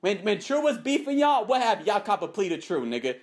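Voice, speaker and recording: A man roasting another player over voice chat, loud, profane and taunting. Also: sits high, very animated, fairly quick. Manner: profane, taunting, shouty insults. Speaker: gamer recording a party chat roast. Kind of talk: heated trash talk in voice chat. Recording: roomy echo.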